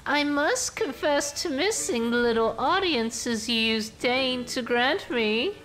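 A man's voice: very high voice, slow pace, sharp tone, pitched above the performer's own voice, full character voice, poor audio. A man voicing a young, sly male envoy with a sugary, ingratiating manner. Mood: fawning.

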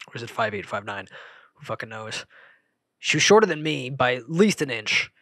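A young man hosting a solo podcast, rambling and interrupting himself, jumping between loud remarks and mumbled asides. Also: medium pitch, big pitch swings, moderate pace, no room sound. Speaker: podcast host.

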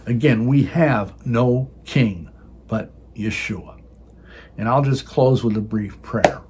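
Older male host, husky middle voice, emphatic preacher with restarts. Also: mid-range voice, slow pace, darkish tone. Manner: emphatic, repeats words when restarting. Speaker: Christian video host. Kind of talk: preaching commentary.

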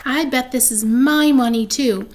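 A bossy, accusing older sister girl snaps and yells in a raised, fairly high voice, as a woman puts her on. She sounds loud and scolding. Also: measured pace.

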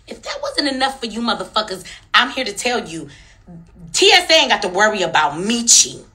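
A young woman launches into a heated commentary rant, her bright, tense voice swinging widely in pitch. She hammers home her points with profanity and pointed rhetorical questions, fierce and emphatic throughout. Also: very animated, brisk. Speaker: social media commentator.

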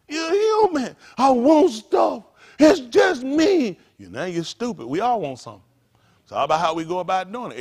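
A pastor with a high-pitched voice preaches a casual, conversational sermon, colloquial in tone and packed with rhetorical questions.

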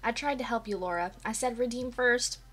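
A woman with a fairly high, fairly bright voice speaks briskly while streaming from her apartment through a desk mic. She greets live viewers by name and chats casually in a bubbly way, her voice a little dry and coughy from having just gotten up.

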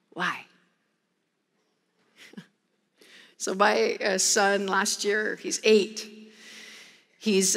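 A woman preaching a sermon in an animated, emphatic way, often breaking into laughter as she goes. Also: mid-range voice. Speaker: guest preacher.

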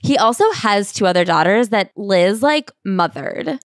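A woman's voice: medium pitch, lively intonation, no echo, clean studio sound. Blunt, scornful woman podcast co-host. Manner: blunt, scornful, quick to laugh. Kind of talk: casual comedic book recap.

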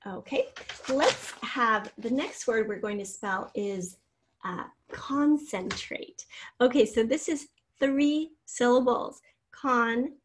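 A woman's voice: fairly high pitch, measured pace, a little hiss or hum. A woman teacher giving a spelling lesson, patiently sounding out syllables and spelling words letter by letter.

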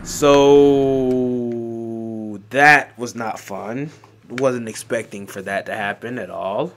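A man's voice: medium pitch, slow pace, a bit bright, slight background noise. A man commentating his gameplay casually, often panicking, exclaiming and apologizing. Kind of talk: casual let's play commentary.

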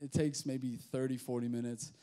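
A young man with an Australian accent preaching to a youth group in a casual, animated storytelling manner with slang. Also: mid-range voice, normal speed. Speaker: youth pastor. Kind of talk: sermon with storytelling.

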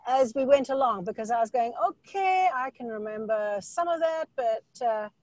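Rich: A woman with a South African accent chats from her car on a video call, rambling a little as she speaks. Her voice is fairly high and dry. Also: animated, moderate pace, darkish tone, no room sound, low-quality recording. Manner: chatty and rambling. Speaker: webinar student. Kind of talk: casual chat.

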